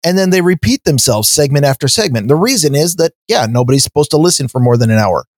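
A man's voice: on the high side, animated, fast talker, no room sound. A man co-hosting a podcast, ranting in a casual chat with many fillers and restarts. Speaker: podcast co-host.

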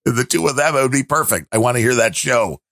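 A man's voice: medium pitch, fast talker, no room sound, studio quality. A man hosting a casual podcast, joking and teasing his co-hosts. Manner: animated, joking. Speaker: podcast host.

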